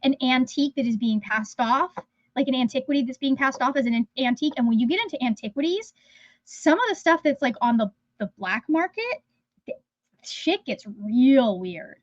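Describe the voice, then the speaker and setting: A woman's voice: sits high, animated, normal speed, no room sound, muffled recording. A woman hosting a livestream, talking in a rambling, chatty way that often trails off mid-sentence. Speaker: livestream host. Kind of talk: casual livestream chat. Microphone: phone.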